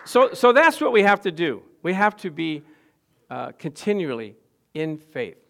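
A middle-aged man preaching a sermon, swinging between quiet asides and loud, emphatic lines and putting questions to the congregation. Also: a little high, very animated, measured pace, gravelly, a little hiss or hum. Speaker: pastor.

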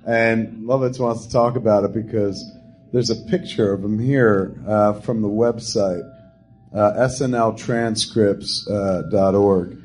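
Low-voiced man hosting a podcast. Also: fairly even intonation, a little slow, a little mellow, a little hiss or hum. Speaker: podcast host. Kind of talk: casual interview questions.

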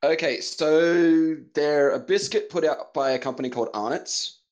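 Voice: medium pitch, moderate pace, a little mellow. A podcast guest from Australia, chatting in a laid-back, hesitant way. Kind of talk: casual interview chat.

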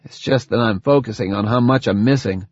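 A man voicing an injured, weary male soldier in an audiobook, speaking slowly and strained. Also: lowish voice, breathy edge. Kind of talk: audiobook character voice. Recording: dull dry lo-fi recording.

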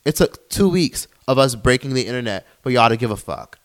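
A man's voice: medium pitch, lively intonation, a little fast. A young man hosting a solo podcast, heated and profane, mocking others in put-on voices. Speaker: podcast host.

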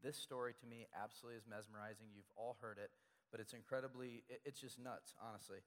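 A man's voice: mid-range voice, fairly even intonation, fast, long reverb tail. A man preaching a sermon as pastor, talking conversationally and repeating key phrases for emphasis.

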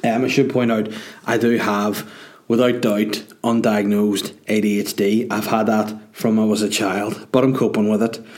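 A Northern Irish man in his thirties talks alone into the mic from his dining room as a podcast host. His voice sits a bit low. He rambles through tangents with self-mocking, sweary jokes. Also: darkish tone. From Northern Ireland. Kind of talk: solo casual podcast monologue.

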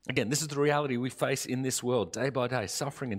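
A male pastor delivers an earnest sermon in a mid-pitched voice. He builds in force, then drops to quiet, drawn-out phrases for emphasis. It sounds recorded for an online service. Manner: earnest preaching, swelling louder then dropping to soft emphatic phrases.

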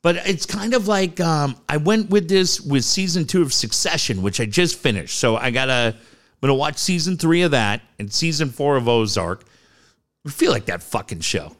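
A man co-hosting a podcast, chatting casually and profanely, often mimicking people. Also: normal speed. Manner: animated, profane, mimics people with big pitch jumps. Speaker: podcast co-host.

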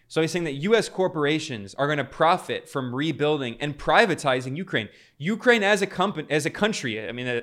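A man's voice: fairly high pitch, fairly bright tone. A man giving fervent political commentary, talking through clips with frequent restarts. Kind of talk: casual commentary over clips.

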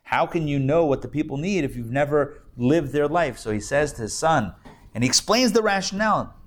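Lively storytelling man teaching a class. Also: a little high, brisk. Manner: lively storyteller with asides and jokes. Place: classroom with audience.

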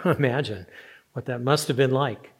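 A man's voice: medium pitch, normal speed, husky. A man preaching a sermon, earnest and rising to strong emphasis on key words. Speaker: pastor.

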